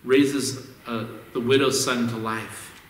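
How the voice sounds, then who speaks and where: A man's voice: medium pitch, steady tone, slow, slight background noise. A male pastor preaching a conversational sermon, often repeating words as he restarts his phrases. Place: church sanctuary. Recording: echoey hall, distant mic.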